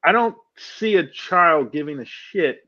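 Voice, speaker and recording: A man's voice: on the high side, expressive, unhurried, sharp tone. Incredulous man co-host, dull lo-fi sound. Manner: incredulous, sarcastic. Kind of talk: casual chat.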